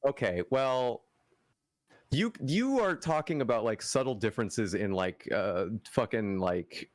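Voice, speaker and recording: A man from the United States chatting casually on a stream, excitable and swearing, tripping over his words. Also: mid-range voice, moderate pace, no echo, clean studio sound.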